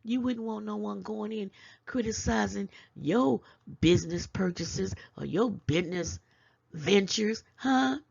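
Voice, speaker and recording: A woman's voice: mid-range voice, unhurried, creaky, darkish tone, slightly rough, muffled recording. A woman hosting her own commentary channel, lecturing viewers with rhetorical questions and chuckling between points. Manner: preachy, scolding with rhetorical questions. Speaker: channel host. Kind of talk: casual commentary vlog.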